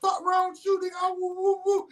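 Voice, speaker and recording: Quick put-on: storyteller doing a furious woman, high, loud, cursing and yelping. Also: monotone, far from the mic. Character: angry, wild young woman shouting back.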